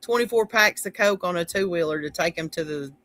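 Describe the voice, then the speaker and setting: A laid-back man hosts a casual chat, mostly giving short replies and dropping in questions. His voice is high and bright. It is recorded dry and close. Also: brisk, no room sound. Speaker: host.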